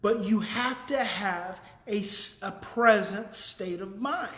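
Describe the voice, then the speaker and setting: A man's voice: high-pitched, slow pace, pushed and bright, roomy sound. A man hosting a daily live parenting talk, explaining earnestly in a casual way and thinking aloud with restarts while reading viewer comments.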